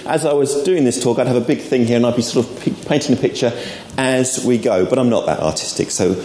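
A man's voice: medium pitch, quick pace, dark tone. Chatty man preaching in an echoey church. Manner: chatty and informal, with asides to the congregation. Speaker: preacher at an all-age church service. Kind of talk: sermon. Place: church hall. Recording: echoey church room, faint background noise.

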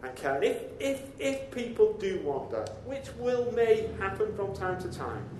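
Here a male pastor speaks in a high-pitched, sing-song voice at a slightly slow pace, chatting through his sermon and questioning the congregation. There's background noise, and the church hall setting gives the recording an echo.

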